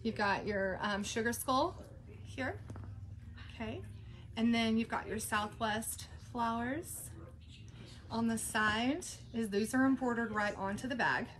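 A woman's voice: fairly high pitch, slow, a bit bright. A woman with an Ozark Arkansas accent hosting a live shopping stream, chatting and laughing as she shows off handbags. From Boston Mountains of the Ozarks, Arkansas. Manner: chatty, laughs often while showing products. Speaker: live-stream shop host.

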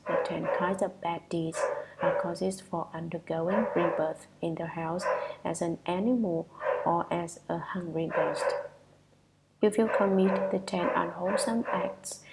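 A woman giving a measured, deliberate reading of a Buddhist sutra commentary, often trailing off into a whisper. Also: on the low side, gravelly, heavy background noise.

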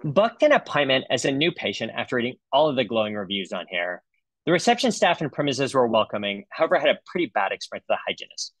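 A man's voice: medium pitch, big pitch swings, fast, a bit bright, no room sound, poor audio. A man reading out a review while playing an indignant, complaining woman dental patient, in a lightly melodramatic tone. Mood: aggrieved.

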